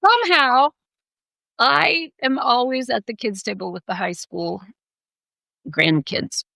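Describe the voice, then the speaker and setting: A middle-aged woman tells stories in easygoing podcast chat, laughing often and acting out what people said. Her voice is bright and sits fairly high. The sound is close and dry, with no room around it. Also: slow, creaky, pauses often, no room sound, low-quality recording. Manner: animated storyteller, laughs often, acts out quotes. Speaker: podcast co-host. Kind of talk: casual chat.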